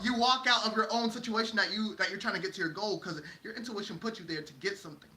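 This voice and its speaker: A man's voice: sits high, fast, few pauses, bright, forceful tone. A man giving a playful, slangy motivational lecture at a whiteboard, laughing as he explains. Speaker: whiteboard teacher. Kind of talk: casual motivational lecture at a board. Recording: echoey room, mic at a distance.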